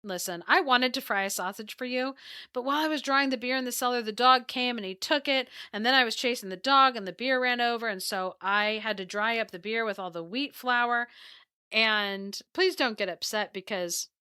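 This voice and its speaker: A woman's voice: fairly high pitch, normal speed, sharp tone, clear, resonant tone. A woman voicing a scatterbrained young folktale wife who flusters through her excuses. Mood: flustered excuses.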